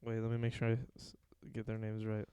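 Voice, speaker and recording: A man's voice: lowish voice, completely flat delivery, fairly quick, dark tone, clean tone, no echo, clean studio sound. A man hosting a casual podcast chat, blunt and easily exasperated, swearing freely. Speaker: podcast host.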